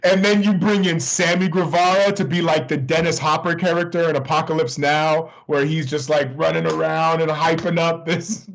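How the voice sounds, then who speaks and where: A man co-hosting a casual wrestling podcast, talking in an animated, joking way with plenty of swearing. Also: fairly high pitch, moderate pace, creaky, hardly any pauses, poor audio. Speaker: podcast co-host.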